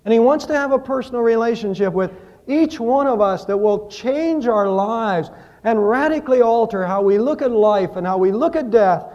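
High-voiced man preaching, mellow tone. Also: lo-fi sound. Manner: preaching with rising and falling emphasis, storytelling. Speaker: pastor. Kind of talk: sermon.

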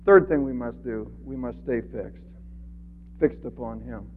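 A man preaching an earnest sermon as pastor, swinging from loud emphasis to quiet. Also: medium pitch, unhurried, a little hiss or hum. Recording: phone-like radio broadcast with long reverb.

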